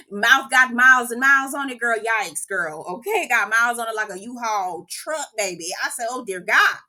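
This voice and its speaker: A woman with a bright, fairly high voice hosts her reality TV recap vlog. She is sassy and animated and asks her viewers what they think. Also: moderate pace. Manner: sassy and animated, keeps calling the viewer "girl". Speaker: host of a reality TV review channel.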